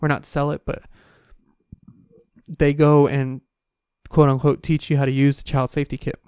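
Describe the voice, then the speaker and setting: A man in his twenties telling a story in a casual, profane, animated rant. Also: mid-range voice, moderate pace, clear, resonant tone, no room sound, studio quality. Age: 20s.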